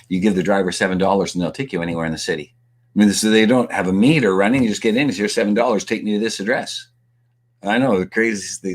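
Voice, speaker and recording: Brief: lively male storyteller from Canada, lowish voice, speaker at a talk. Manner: animated storyteller acting out dialogue. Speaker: guest speaker and author.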